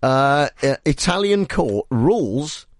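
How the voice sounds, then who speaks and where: A man's voice: mid-range voice, big pitch swings, slow pace, no room sound. A man hosting a radio show, chatting in a teasing, jokey way. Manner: teasing, jokey, mock DJ voice at times. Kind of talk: playful radio chat. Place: radio studio.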